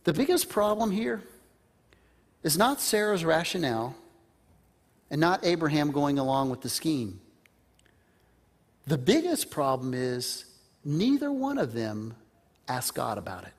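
A man's voice: fairly high pitch, big pitch swings, measured pace, pauses often. A man preaching a sermon in a conversational way, putting questions to the listeners. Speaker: pastor.

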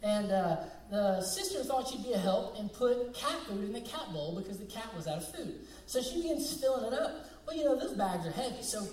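A man's voice: high voice, animated, a little fast, hardly any pauses, darkish tone, echoey room, recorded from a distance, rough recording. A young man preaching a sermon as pastor, switching between conversational storytelling and emphatic points.

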